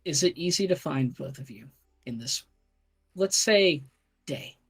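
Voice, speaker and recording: A man's voice: on the high side, expressive, unhurried, husky, soft background music. A man narrating as game master of a tabletop game on a live stream, rambling with frequent restarts and asides.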